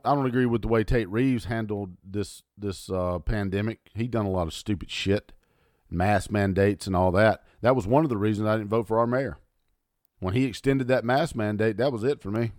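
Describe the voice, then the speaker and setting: A man ranting angrily on his podcast, swearing often and lurching from low mutters to loud outbursts. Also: dry recording, studio quality. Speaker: podcast host. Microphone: audio only, close mic.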